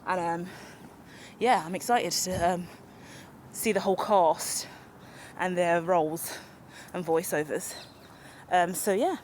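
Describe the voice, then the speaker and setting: A woman with a fairly low voice talks slowly over slight background noise while vlogging on a handheld camera as she walks outdoors in a park or woodland. Her unscripted walk-and-talk is rambling, chatty, animated and self-mocking.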